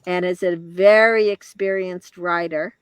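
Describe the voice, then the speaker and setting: A woman in her later years, a guest telling a personal story in an interview, reflective and halting, with restarts and soft laughs. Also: lowish voice, steady tone, smooth, dry recording.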